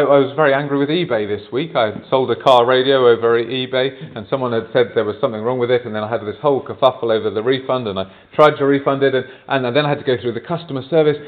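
Guy preaching, earnest, keeps asking the room stuff, sounds tinny like over a phone. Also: mid-range voice. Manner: earnest, asks the congregation rhetorical questions. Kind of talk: sermon.

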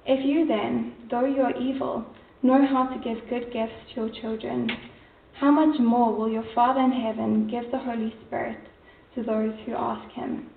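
A woman reading a scripture passage from a distance in a church, with a steady, even delivery. Her voice is flat in pitch, slightly gravelly, and roomy with echo. The sound is thin and tinny, like a phone line. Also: moderate pace, slight background noise. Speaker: scripture reader.

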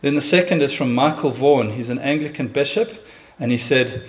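A man's voice: medium pitch, a little fast, narrow, tinny audio. A man preaching a sermon in a church as pastor, in an earnest, conversational manner with hesitations.

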